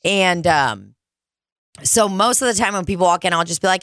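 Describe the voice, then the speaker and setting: A young woman swears freely and spins lively stories in casual podcast chat, often slipping into mocking voices. Her voice sits a little low, recorded close and dry. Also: normal speed, no room sound. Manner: profane, animated storytelling with mocking put-on voices. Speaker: podcast co-host, bartender.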